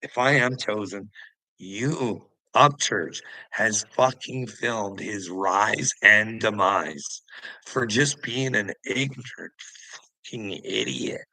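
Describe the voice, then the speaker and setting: A man's voice: lowish voice, slow, pushed and bright, no echo, rough recording. A man delivering an angry, scornful monologue that is heavy on swearing, calling out people online. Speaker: online commentator. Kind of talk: profane ranting monologue.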